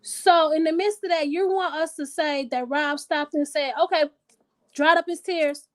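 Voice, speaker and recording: A woman hosting a casual talk show, blunt and profane, animated and thinking out loud. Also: extremely high pitch. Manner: animated, blunt and profane, pausing to reason aloud. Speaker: host.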